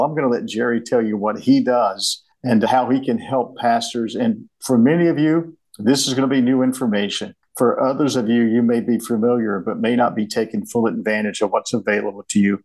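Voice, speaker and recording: A man's voice: medium pitch, darkish tone, slightly rough, low-quality recording. A male podcast host with a mid-range voice. He introduces his guest and steps in with follow-up questions. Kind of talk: podcast interview.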